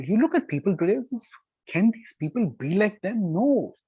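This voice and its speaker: A man's voice: high-pitched, expressive, moderate pace, slightly rough, dry recording. A middle-aged man giving an earnest scripture lesson as a Torah teacher, repeating key words for emphasis. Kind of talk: devotional Bible teaching. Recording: dull lo-fi recording.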